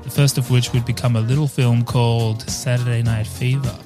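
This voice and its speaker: A man's voice: medium pitch, little pitch movement, a little fast, warm tone, faint music behind. A man hosting a casual podcast chat, laughing often and filling with ums. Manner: chatty, laughs often, fillers. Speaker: podcast host. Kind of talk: casual chat, research recap.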